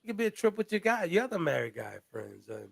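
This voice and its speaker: A man's voice: high voice, very animated, fast, vocal fry, a bit bright, no echo. A man co-hosting a casual live-stream talk show, laughing often and sounding incredulous. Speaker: co-host and coach.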